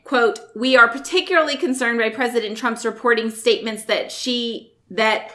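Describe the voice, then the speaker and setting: A woman's voice: fairly high pitch, normal speed, sharp tone. A woman co-hosting a podcast, reading out news quotes with joking asides and the odd swear word. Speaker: podcast co-host. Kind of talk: casual news recap chat.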